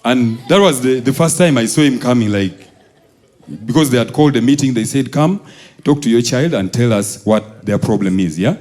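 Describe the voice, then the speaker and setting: A male stand-up comedian from Uganda tells school stories live on stage. He acts out the people in them, jumping up high for excited voices and sinking low and quiet for threats. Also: normal speed. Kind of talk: stand-up storytelling. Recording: live show with audience laughter.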